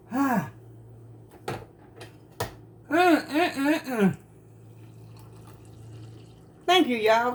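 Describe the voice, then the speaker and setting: A woman's voice: on the low side, a little hiss or hum. An older woman, chatting casually with viewers in her home kitchen, folksy and talkative. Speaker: vlogger.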